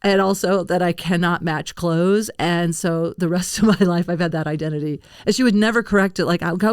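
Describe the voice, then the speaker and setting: A woman's voice: on the low side, steady tone, brisk, few pauses, smooth, dry recording, clean studio sound. An older woman hosting a casual conversational interview, chatty and self-deprecating, laughing often. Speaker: podcast host.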